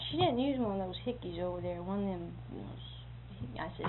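This woman has a lower, expressive voice and talks fast as she tells casual homespun anecdotes. She chuckles often and acts out the quoted speech. The sound is lo-fi and phone-like, with faint hiss.

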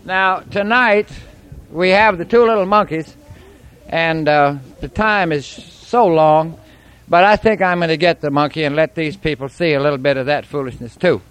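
A man's voice: fairly high pitch, normal speed, a bit bright, clean tone. A man as a puppeteer, chatting in a folksy, coaxing way to children at a live puppet show.

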